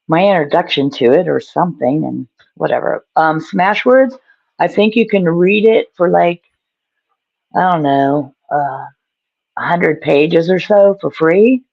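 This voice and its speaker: A man talks on a video call in a gravelly, fry-laden voice that wanders and trails off. He sounds self-deprecating and casual. The audio is dull and lo-fi, with a dry, close sound. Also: fairly high pitch, a little mellow, dry recording. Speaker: guest author.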